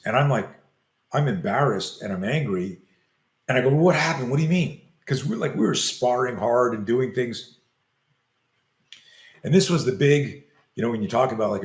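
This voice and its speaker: An older man, a self-defense coach, tells a long story in an interview and acts out the quoted lines as he goes. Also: on the low side. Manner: animated storyteller acting out quoted dialogue. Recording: roomy echo.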